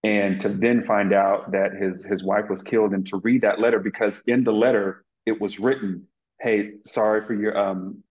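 A man's voice: on the low side, steady tone, normal speed. A man being interviewed as an actor, earnestly telling stories from set, with many fillers and restarts. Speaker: actor guest. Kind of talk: casual interview storytelling. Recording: lo-fi muffled audio.

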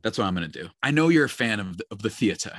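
A man's voice: lowish voice, big pitch swings, rapid-fire, fairly bright tone, no room sound. Man, podcast co-host, rambling casual talk, dry close sound. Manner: rambling, many "like" fillers. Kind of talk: casual chat.

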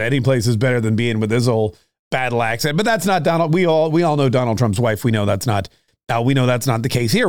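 A man delivering a political monologue in a fired-up, sarcastic way. His voice sits a little higher than most men's. He repeats himself as he builds each point. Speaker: political commentary host.

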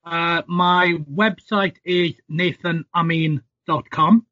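A man guest on a podcast, an author talking in a relaxed, self-deprecating way. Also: on the high side, slow pace, dry recording. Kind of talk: podcast interview. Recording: slightly dull audio.

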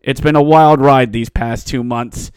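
A man's voice: mid-range voice, fairly even intonation, unhurried, a little mellow, clean tone, dry recording, clean studio sound. A man hosting a solo sports podcast, mocking and ranting, rising into exasperated outbursts. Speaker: podcast host. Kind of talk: sarcastic solo sports commentary.

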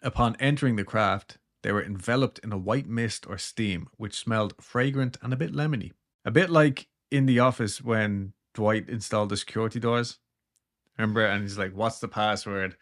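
This man's voice is lowish and moves at a moderate pace. Co-hosting a podcast, he casually recounts a story full of jokes, staying laid-back and drifting into laughs.

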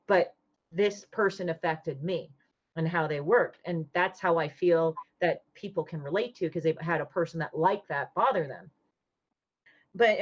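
Blunt, swearing woman, lo-fi audio. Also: lowish voice. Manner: blunt, swears freely, lively retelling. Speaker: comic artist. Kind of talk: casual podcast chat. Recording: dull lo-fi audio.

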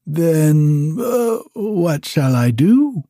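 A man voicing a fretful old male wizard, speaking in a slow, raised, pleading way. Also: on the high side, big pitch swings, warm tone, no echo, studio quality, voice pushed up, full character voice.

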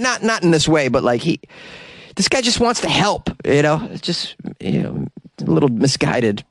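A man's voice: fairly high pitch, dry recording. A man with a New England accent hosting a comedy news podcast, joking and rambling with frequent laughs. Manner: jokey, rambling, laughs often.

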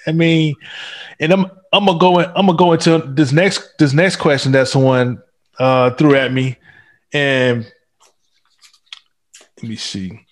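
Relaxed man hosting a panel chat. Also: fairly high pitch, unhurried, pauses often. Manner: relaxed, agreeable, lots of fillers while reading viewer questions. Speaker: host.

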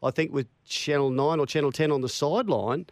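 A man's voice: on the high side, brisk, no room sound, studio quality. A middle-aged Australian man, a sports broadcaster, bantering and telling stories with a laugh. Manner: laughing, storytelling, good-humoured. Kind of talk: casual banter.

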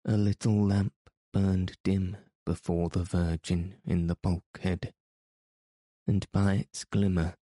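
A man narrates a classic novel in a measured storytelling manner. His voice is deep and dark, and his pace is very slow. The recording is dry and close. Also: no room sound. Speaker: audiobook narrator.

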